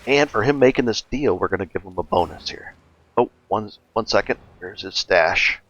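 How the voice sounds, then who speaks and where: A man casually narrating a gameplay walkthrough as a gaming guide host, relaxed and chatty, thinking aloud with fillers. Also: fairly low pitch, normal speed, muffled recording, faint music behind.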